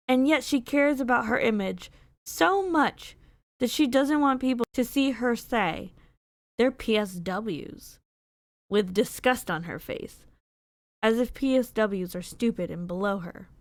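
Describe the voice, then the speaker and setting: A woman's voice: fairly high pitch, lively intonation, measured pace, no room sound. A woman commentating on a true-crime interrogation, analytical and opinionated.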